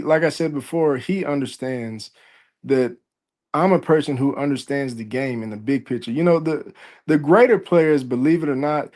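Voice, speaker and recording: A man's voice: fairly high pitch, darkish tone. Confident male athlete guest. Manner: confident, self-assured. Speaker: pro football player, interview guest. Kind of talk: casual interview chat.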